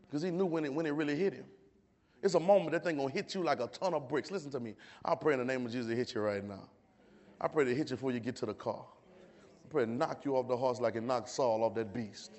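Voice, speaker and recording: A man's voice: mid-range voice, fast, a little mellow. A man preaching a sermon at a church service, impassioned and repetitive, leading the congregation in call-and-response.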